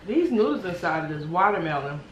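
A woman's voice: lowish voice, sing-song, fairly quick, echoey room, slight background noise. A woman chatting casually to her viewers while eating noodles, humming between bites, playful and teasing. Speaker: vlogger eating on camera. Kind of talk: casual mukbang chat.

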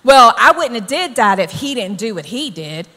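A woman's voice: on the high side, very animated, normal speed, sharp tone, big-room sound, pitched below the performer's own voice, exaggerated voice. A woman voicing a complacent churchgoer who makes casual excuses for their own sin. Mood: dismissive.

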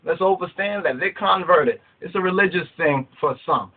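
A fairly high-voiced man preaches about scripture in an impassioned, streetwise way. He keeps checking in with the listener as he builds his points. The sound is thin and tinny, like a phone line. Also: moderate pace, slightly rough. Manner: preachy, streetwise, keeps asking "you understand?". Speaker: Rastafari teacher.

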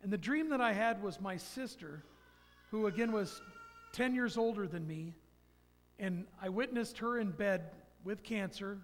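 A man's voice: high-pitched, measured pace, in a large hall, a little hiss or hum. A man giving an earnest personal testimony in a church, telling stories about faith. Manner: earnest, storytelling. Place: church sanctuary.

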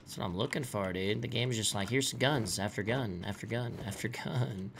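A man's voice: lowish voice, normal speed, creaky, slight background noise. A man streaming a battle royale game, chatting casually with his teammate and thanking viewers for subs. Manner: laid-back, swears freely, thanks chat for subs. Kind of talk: casual gameplay chat.

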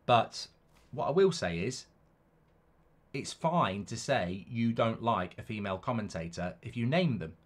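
A man's voice: lowish voice, lively intonation, measured pace. A middle-aged man hosts a football watchalong live stream, chatting casually, reading out viewer comments and giving rambling, opinionated answers with many restarts.

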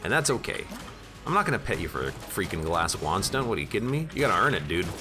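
A man's voice: deep voice, very animated, quick pace, music in the background. A man giving casual, jokey gameplay commentary while streaming and chatting with his viewers. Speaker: streamer playing a video game.

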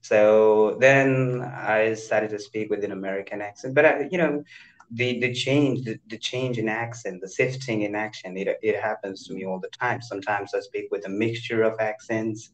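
A man's voice: on the low side, moderate pace, a little hiss or hum, low-quality recording. A young man from India with an Indian English accent, chatting eagerly on a video call as an English learner, often restarting his sentences. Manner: animated, eager, frequent restarts. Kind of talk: casual video-call conversation. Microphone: computer mic on a video call.

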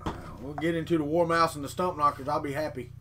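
A man's voice: fairly high pitch, steady tone, fast talker, pushed and bright, a little hiss or hum. A middle-aged man, chatting casually and telling rambling folksy stories on a morning live stream. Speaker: 3D printing vlogger reading chat.

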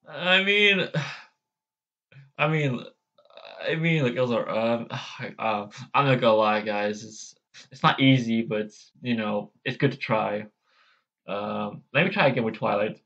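A man's voice: on the low side, a little slow, fairly bright tone, lo-fi sound. A man chatting casually on a vlog, hesitant and self-deprecating, with many restarts. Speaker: vlogger.

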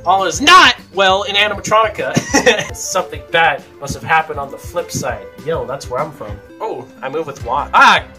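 Over music, a gaming YouTuber narrates a let's play at normal speed and medium pitch. They get excitable, yelping and laughing at jump scares while throwing out mock insults and goofy jokes.

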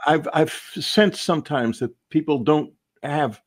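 Husky-voiced male interview host. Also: on the high side, unhurried. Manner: asks probing questions, shares impressions. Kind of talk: interview conversation.

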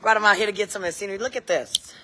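A woman's voice: medium pitch, rapid-fire, bright, forceful tone. A middle-aged woman, chatting casually to live-stream viewers and her kids outdoors on a phone. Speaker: vlogger and mom. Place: outdoors at a scenic waterfall spot.

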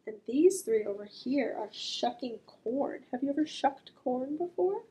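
A woman reading a picture book aloud to children as a librarian, gently asking the listener questions and drawing out the sound words. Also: sits high, expressive, unhurried, low-quality recording.

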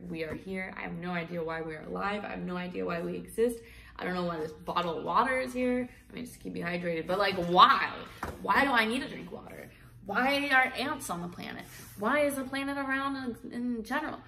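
Gravelly-voiced woman in a candid vlog. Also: mid-range voice, sharp tone, roomy sound, slight background noise. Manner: emotional, rambling, drops to whispers. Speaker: YouTube vlogger.

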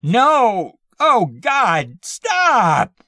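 A man's voice: on the low side, takes it slowly, fairly bright tone, dry recording, studio quality, distant mic. A man voicing a frightened young man whose pleading turns to panicked screams. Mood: terrified screaming. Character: terrified young man crying out in the dark.

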